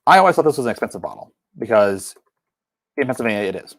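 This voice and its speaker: A man's voice: mid-range voice, big pitch swings, quick pace, dry recording. A young man hosting a whiskey livestream, talking casually in a rambling way with many ums and restarts. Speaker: whiskey channel host.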